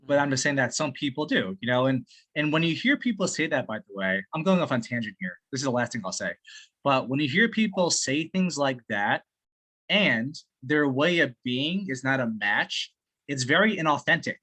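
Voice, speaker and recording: Excitable guy on a video call, cussing a lot and laughing mid-sentence, bright forceful voice. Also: medium pitch, moderate pace. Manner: excitable, swears often, laughs while talking. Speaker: sales training partner giving feedback. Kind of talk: casual call chat.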